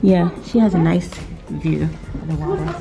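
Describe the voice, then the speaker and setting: Her voice is on the low side, gravelly and sing-song, at a moderate pace, as this woman vlogger casually tours a large vacation house, laughing and thinking aloud. The recording is muffled, music runs underneath, and she later heads onto a deck.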